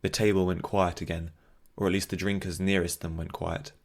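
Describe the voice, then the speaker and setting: Deep-voiced male audiobook narrator. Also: vocal fry. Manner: steady, measured storytelling. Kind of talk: scripted fantasy narration.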